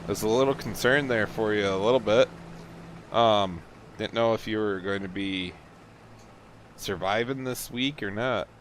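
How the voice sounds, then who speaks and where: A man's voice: on the low side, normal speed, slight background noise. A man chatting casually and teasing viewers while streaming a farming game. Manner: relaxed, chatty, teasing chat. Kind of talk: casual gameplay livestream chat.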